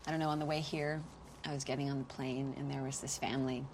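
An actress playing a concerned young woman who asks gentle, probing questions and laughs often, outdoors by a lake. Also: very deep voice, little pitch movement, fast talker. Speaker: film character. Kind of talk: naturalistic film acting. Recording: noisy outdoor film sound.

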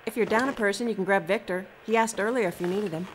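Woman acting curious pushy researcher, inquisitive, mid pitch. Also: quick pace, a little hiss or hum, close to an everyday voice. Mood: eager.

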